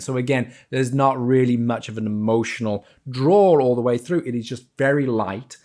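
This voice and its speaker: A young man hosting a TV review video, talking in an animated, gushing way and laughing as he retells scenes. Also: mid-range voice. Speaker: TV review channel host. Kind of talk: enthusiastic solo video review.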